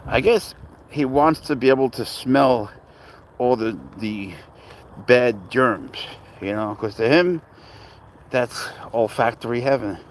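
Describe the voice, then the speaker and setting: A man's voice: medium pitch, takes it slowly, pauses often, a little hiss or hum. Chatty man streaming with his cat. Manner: rambling, jokey, greets viewers by name, drifts quieter. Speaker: livestream host and serval cat owner. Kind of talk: casual livestream chat reading viewer comments. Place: home, indoors.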